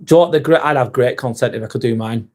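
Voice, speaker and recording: A man with a medium-pitched, slightly mellow voice talks very fast while hosting a live stream. He reads viewers' chat messages aloud and answers them bluntly and casually, swearing freely.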